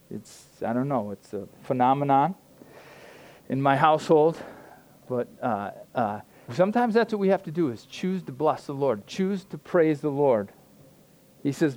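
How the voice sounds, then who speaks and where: Chatty, slightly high-voiced male preacher. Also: darkish tone. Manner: conversational, self-deprecating, many restarts and fillers. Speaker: pastor. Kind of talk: informal sermon.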